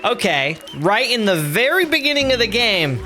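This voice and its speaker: A man's voice: high-pitched, soft background music, some chatter behind. A man who hosts a gaming channel, giving sarcastic gameplay commentary in a voice-over. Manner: sarcastic, animated, quick to laugh. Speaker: gaming YouTuber.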